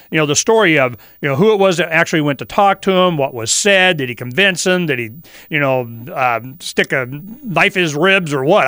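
A man from Florida hosting a talk radio show, telling stories in a rambling, animated way. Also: a little high, dry recording, studio quality.

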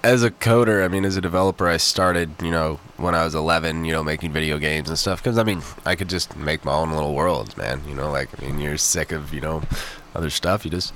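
A man with a very low voice and a stuffy nose explains technical ideas as an interview guest. He talks eagerly and fills his sentences with "you know" and "I mean." A faint hum of noise sits behind him. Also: a little fast, a bit bright. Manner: explains eagerly, many fillers. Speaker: guest, software developer. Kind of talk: casual interview chat.

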